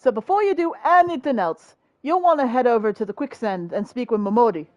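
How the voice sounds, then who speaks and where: A woman's voice: on the high side, expressive, brisk, darkish tone, no room sound, lo-fi sound, close to an everyday voice. Woman doing a cocky young street tout. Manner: cocky, chummy street patter. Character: brash young male city tout, shifting accent. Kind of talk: voicing game dialogue aloud.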